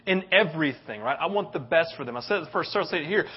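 A man's voice: on the high side, quick pace, slightly rough, lo-fi sound. A man in his thirties preaching a sermon, telling a story animatedly and often asking "right?". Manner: animated storytelling, tag questions. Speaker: pastor.

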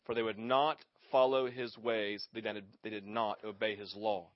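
A man's voice: lowish voice, moderate pace, dry recording, dull audio. A young adult man preaching a sermon, telling a story with energy and acting out voices. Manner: animated storytelling, acts out voices. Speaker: pastor.

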